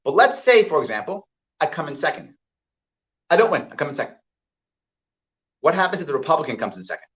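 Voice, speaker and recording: A man delivers a campaign speech, pounding home each point and repeating it for effect. His pitch swings widely, rising high for emphasis and dropping low. The recording is dull and lo-fi. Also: big pitch swings, fast, pauses often, a bit bright. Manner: emphatic, repeats points, acts out quoted voices. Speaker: political candidate. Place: event hall with live audience.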